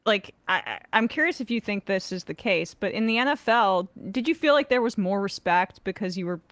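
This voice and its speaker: A woman hosting an interview, asking questions with halting, searching phrasing full of restarts. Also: medium pitch, expressive, a bit bright, dry recording. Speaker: show host. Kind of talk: casual conversational interview.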